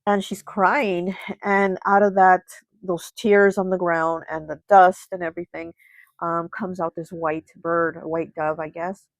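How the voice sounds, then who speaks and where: Her voice is lowish with little pitch movement, and she goes a little slowly as this tarot channel host chats through a folk tale full of "you know" and "like." The low-quality recording has no room sound.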